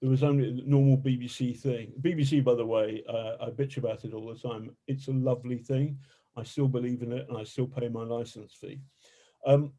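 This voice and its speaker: Warm-voiced man telling stories. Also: mid-range voice. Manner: animated, colorful, swears freely. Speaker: investigative journalist, guest. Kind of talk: casual storytelling interview.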